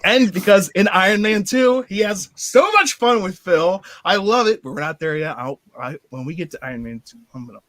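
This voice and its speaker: An excitable man on a fan discussion show, talking fast and laughing as he acts out lines. His voice sits a little high for a man. The sound is close and dry, with no room around it. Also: no echo. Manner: excitable, laughs often, acts out movie quotes. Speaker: podcast host. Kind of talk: casual movie discussion.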